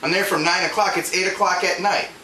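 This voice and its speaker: A man's voice: high-pitched, steady tone, fast talker, pushed and bright. A man ranting through a casual anecdote, profane and laughing as he talks. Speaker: storyteller. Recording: echoey room with background noise.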